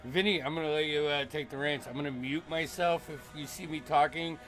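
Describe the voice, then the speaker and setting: A man chatting casually as a player before a tabletop game, in relaxed, rambling banter. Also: fairly high pitch, a little fast, soft background music. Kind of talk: casual chat.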